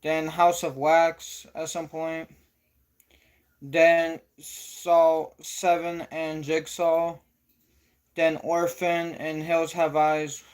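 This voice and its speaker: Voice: medium pitch, completely flat delivery, drawn-out words, clear, resonant tone. A young adult live streamer chatting casually, rambling and correcting themself often, with frequent swearing. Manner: rambling, self-correcting, profane.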